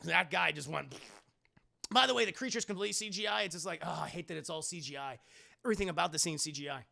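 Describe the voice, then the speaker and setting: Gravelly, profane streamer recapping a film. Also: male voice, on the high side, fast, bright, forceful tone. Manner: rambling, profane, laughing, acting out scenes. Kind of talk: casual spoiler review to live chat.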